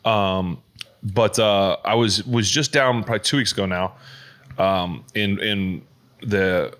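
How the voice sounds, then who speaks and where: Slow and fairly even in intonation, a man with a lowish, somewhat bright voice co-hosts a podcast. His casual talk meanders, with plenty of fillers and false starts.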